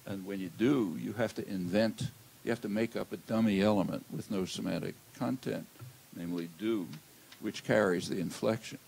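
An older man giving an academic lecture in a lecture hall, measured and halting, with many "uh" fillers. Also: lowish voice, fairly even intonation, gravelly, darkish tone, breathy edge. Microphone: handheld or lectern mic.

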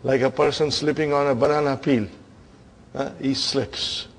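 A man's voice: mid-range voice, flat delivery, normal speed, creaky, slightly rough. A man teaching an Arabic grammar class, lecturing and often checking with his students through short questions.

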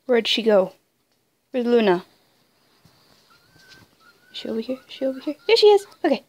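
A young woman commenting on her own online game play, muttering in frustration and breaking into high squealing shouts. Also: normal speed, no room sound. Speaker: gamer playing an online wolf game. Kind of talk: casual gameplay commentary.

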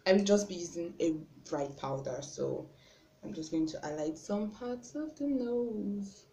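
A young Nigerian woman talks slowly and chattily as she does her makeup on camera. She is a little self-conscious and often lets her words trail off softly. The room is roomy and echoey, with a faint hiss behind her. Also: medium pitch, expressive. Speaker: beauty vlogger. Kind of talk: casual makeup tutorial chat. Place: room at home. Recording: roomy with faint background noise.

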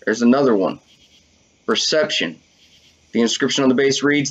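A man giving casual commentary over a video game, excitable and swearing often as he talks to his viewers. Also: mid-range voice, moderate pace, pauses often, breathy edge. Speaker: let's play gamer.

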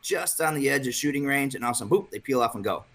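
A man talking in a relaxed podcast chat as a guest, recounting a trip in a storytelling way and chuckling as he goes. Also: medium pitch, rapid-fire, noisy background. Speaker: hunting staff coordinator guest.

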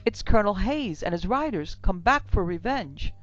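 A shrill, pleading young tavern woman, put on by a female narrator. Her voice rises high with fear, with a gravelly edge. Dull lo-fi sound with faint music beneath. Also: normal speed, darkish tone. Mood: frightened.

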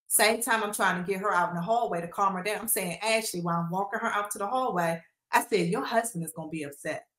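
A woman's voice: medium pitch, quick pace, hardly any pauses. A woman recounting reality show drama as a guest, animatedly acting out quotes. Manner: animated retelling with acted quotes. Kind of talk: casual interview storytelling. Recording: roomy echo.

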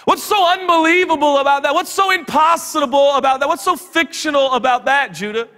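In a vast church auditorium, a man serving as guest pastor delivers a sermon whose words echo with long reverb. His voice is high and bright, swinging up and down nonstop as he spins stories laced with humor and rapid asides.

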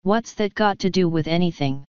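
A woman reading a sharp, determined young girl. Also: fairly low pitch, moderate pace, smooth, no echo, dull audio, natural voice. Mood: matter-of-fact. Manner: sharp, insistent.

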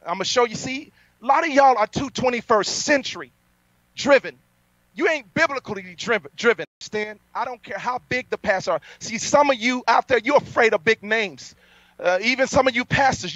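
A man preaching a fiery sermon, boastful and defiant, his voice climbing to loud peaks. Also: very high voice, no room sound. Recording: dull lo-fi sound, dry.

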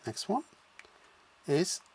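A man teaching a beginners' language lesson, patiently sounding out syllables one at a time and then blending them into words, with frequent "okay" check-ins. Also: extremely slow. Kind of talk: slow spoken lesson with drills.

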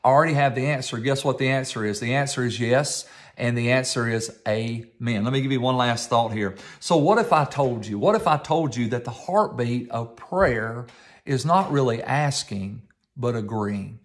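A male pastor preaching a sermon, emphatic, with repeated phrases and words slowed for stress. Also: medium pitch.

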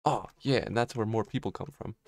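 A man's voice: fairly low pitch, a little fast, a little mellow, dry recording. A young man streaming a video game, giggling as he reads lore aloud in a made-up accent to friends. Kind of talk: casual gaming stream chat. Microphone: close desk microphone.

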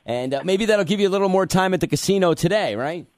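A man hosting a radio morning show, chatting upbeat with a guest and often filling pauses with "uh". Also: high-pitched, expressive, a little mellow, dry recording, clean studio sound. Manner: chatty, with frequent fillers. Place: radio studio.

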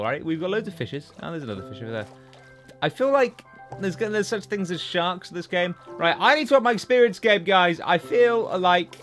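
A young man giving casual Let's Play commentary, chatty and talking to the game animals, with sudden excited outbursts. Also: fairly high pitch. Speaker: gaming YouTuber.

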